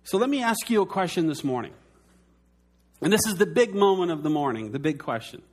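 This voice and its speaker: Man, pastor, sermon, earnest delivery, soft slowed emphasis, a bit high-pitched. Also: very animated. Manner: earnest preaching, slows down and drops soft for emphasis.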